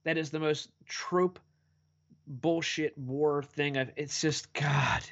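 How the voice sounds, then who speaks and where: A man's voice: a little high, fairly even intonation, slow, a bit bright, lo-fi sound. A man co-hosting a casual podcast, talking bluntly and with exasperation about movies. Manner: blunt, exasperated, swears a lot. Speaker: podcast co-host. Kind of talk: casual movie review chat.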